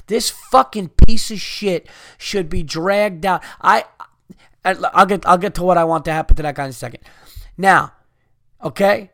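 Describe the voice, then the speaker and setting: A man in his thirties rants through a profane story on his podcast, his voice sitting a little high and coming through smooth and clean. He is recorded close and dry, with no room sound behind him. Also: sharp tone, no room sound. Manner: profane, heated, ranting. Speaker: podcast host. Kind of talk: angry storytelling rant.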